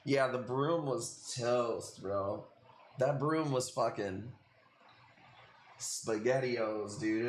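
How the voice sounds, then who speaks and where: A medium-pitched man in his late thirties casually rambles through a story on his live stream, cursing often and saying "dude" nonstop. The audio sounds roomy, with slight background noise.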